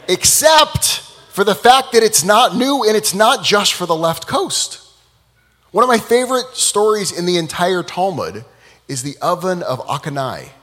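A man telling stories in a public talk, with a dramatic, animated delivery. His pitch swings widely and sits a little high. His voice carries the long reverb of a large hall.

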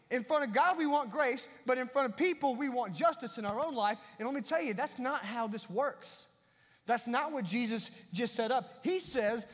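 A man preaching with a high, bright voice that rings out in a long hall reverb. He moves between emphatic, loud passages and hushed asides, as a pastor delivering a sermon from a church sanctuary.

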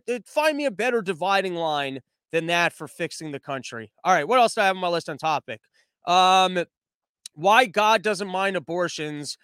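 High-voiced sarcastic male podcast host. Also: fairly bright tone, clear, resonant tone, no room sound. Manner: sarcastic, rambling, tangent-prone. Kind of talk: comedic monologue.

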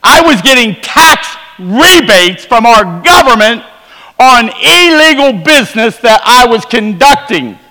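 A man giving a revival sermon testimony, telling his story with quiet low asides and emphatic rises. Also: big pitch swings, measured pace. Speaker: preacher. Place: church sanctuary. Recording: long hall reverb.

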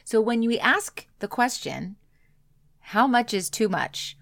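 Emphatic woman coach, gravelly edge. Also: fairly high pitch, expressive, slow, a bit bright, no room sound. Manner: earnest, emphatic, acts out quoted reactions. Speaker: business coach. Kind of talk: motivational solo talk.

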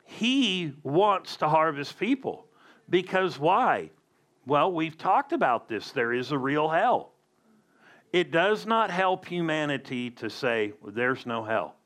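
Slow-preaching man pastor. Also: a little high, very animated, a bit bright. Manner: emphatic preaching with asides. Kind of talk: sermon.

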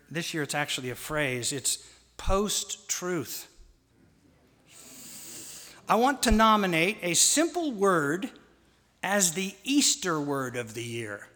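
A man's voice: a little high, pushed and bright. A man preaching a sermon to a congregation, dramatic and mocking, leading call-and-response. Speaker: pastor. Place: church sanctuary. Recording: long reverb of a large church.

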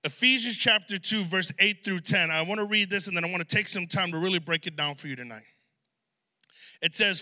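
Male preacher, high and very bright voice, animated conversational sermon, long hall reverb. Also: fairly quick. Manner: conversational, animated storytelling with asides. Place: large hall.

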